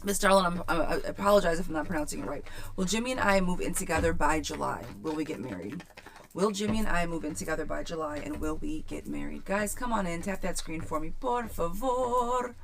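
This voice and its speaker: A woman's voice: lowish voice, fast talker, creaky, a little hiss or hum. A woman giving a chatty live-stream tarot reading, reading viewers' questions aloud and calling them girl and friend. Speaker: tarot reader.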